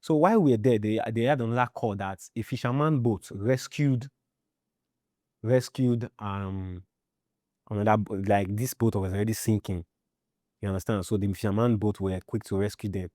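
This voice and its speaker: A Nigerian man telling his own story in a halting way, often repeating himself and checking "you understand?". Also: fairly low pitch, dark tone, dry recording, clean studio sound. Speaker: interviewee. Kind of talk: personal storytelling.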